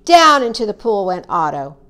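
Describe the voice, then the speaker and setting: A woman reading a children's story aloud, acting out the characters with high, excited cries. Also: moderate pace.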